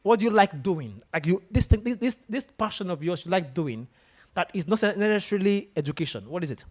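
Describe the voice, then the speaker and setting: A man gives a motivational talk to a room of students. His pitch swings widely as he fires questions straight at the crowd and pushes them to answer. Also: a little fast. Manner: animated, questions the audience directly. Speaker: guest speaker at a university.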